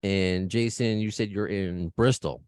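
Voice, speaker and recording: An American man hosts a podcast in a joking, easygoing chat, poking fun at himself. His voice sits on the low side and sounds dry and close. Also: measured pace, a little mellow, clear, resonant tone, no echo. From United States. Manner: joking, chatty, self-mocking. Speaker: podcast host. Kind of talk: casual chat. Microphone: video call.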